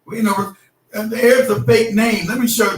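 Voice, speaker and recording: A man's voice: high-pitched, fairly even intonation, normal speed. A man in casual, profane chat who tells stories and laughs as he goes. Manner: loose, profane, laughing storyteller. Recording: roomy echo, distant mic.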